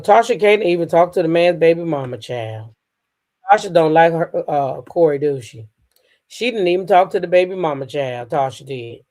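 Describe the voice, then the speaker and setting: A woman's voice: fairly low pitch, a little mellow. A woman hosting a casual gossip commentary show, blunt, profane and sassy, talking straight to her audience. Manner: addresses the audience directly.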